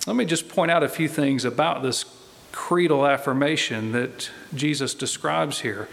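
A man preaching a sermon in a slow, deliberate way, pressing his points with emphatic repetition. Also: medium pitch, vocal fry, fairly bright tone, a little hiss or hum. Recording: long reverb of a large hall.

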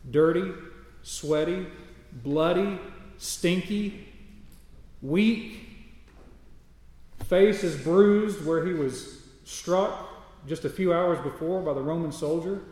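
A man's voice: on the high side, slow, long pauses, darkish tone, very echoey, long reverb tail, low-quality recording. A man preaching a sermon, reading scripture aloud and building his points through repeated emphatic phrases. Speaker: pastor.

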